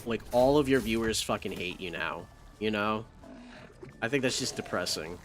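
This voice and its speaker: Profane, excitable male streamer. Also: lowish voice, moderate pace. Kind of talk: casual gameplay commentary.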